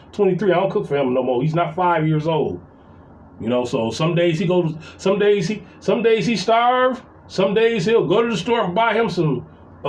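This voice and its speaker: A middle-aged man telling a long, profane story about his family, rambling and full of fillers and repeats. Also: a little high. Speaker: vlogger venting about family. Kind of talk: casual storytelling rant. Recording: roomy echo.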